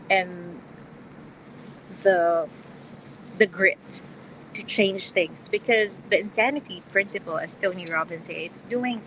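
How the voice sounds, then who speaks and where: A middle-aged woman talks to her live audience through a phone as she walks through the city. She rambles in a warm, chatty way, laughing often between thoughts. Street traffic is clearly audible behind her. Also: medium pitch, low-quality recording. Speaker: online coach and live streamer. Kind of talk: casual live stream talk to viewers.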